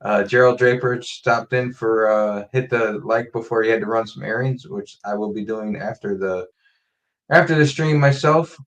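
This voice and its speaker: A man's voice: on the low side, moderate pace. Man casually greeting stream viewers. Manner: reads out viewer names and greetings in a relaxed, friendly ramble. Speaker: host. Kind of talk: casual livestream chat.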